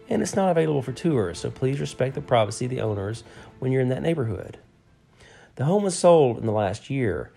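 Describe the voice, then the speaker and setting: A man's voice: mid-range voice, creaky, mellow. A man co-hosting a podcast, telling a story and joking with his co-host in an easygoing way. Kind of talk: casual podcast narration and banter.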